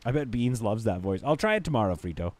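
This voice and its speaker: A man's voice: lowish voice, very animated, fast talker, no echo. A man streaming a strategy game, rambling and thinking aloud as he chats with his viewers. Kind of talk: casual gameplay commentary.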